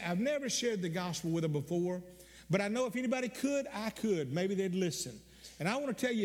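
An older man delivers a sermon from a church sanctuary, his voice sitting a little high for a man. He tells stories earnestly, repeats words as he gathers himself, and climbs into sudden emphatic bursts. The sound rings out with a long hall reverb. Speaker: pastor.

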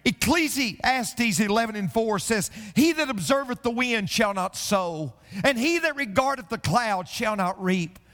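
A man's voice: very high-pitched, expressive, a little slow, few pauses, a bit bright, long reverb tail. A male pastor preaching a sermon, telling stories and building to repeated refrains.

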